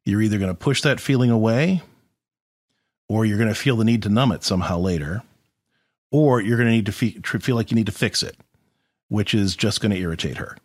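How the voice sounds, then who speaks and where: A man hosting an advice podcast, explaining in an animated, conversational way with frequent restarts and rhetorical questions. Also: lowish voice, brisk, pauses often, no room sound, clean studio sound. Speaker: podcast host, therapist.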